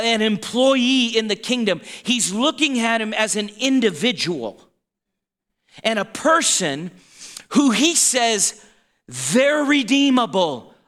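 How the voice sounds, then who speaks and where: A man's voice: very high-pitched, bright, forceful tone, big-room sound. A man preaching a sermon as pastor, talking in a conversational way that stops and restarts often, with asides to the congregation. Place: church sanctuary.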